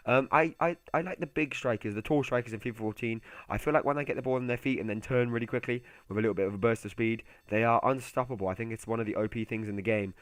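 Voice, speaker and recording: A young man giving casual, chatty commentary over a football video game, excitable and given to muttered asides. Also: mid-range voice, clear, resonant tone, no echo. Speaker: gaming YouTuber.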